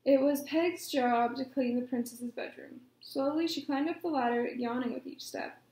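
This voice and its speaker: A woman reading a children's story aloud at storytime, gently and measured. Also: sits high. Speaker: storytime reader. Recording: echoey room.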